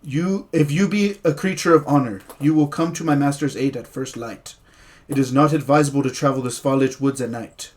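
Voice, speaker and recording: A man's voice: medium pitch, a little slow, a little mellow, natural voice. A man voicing a proud, swaggering male messenger who speaks formally, in a tabletop game.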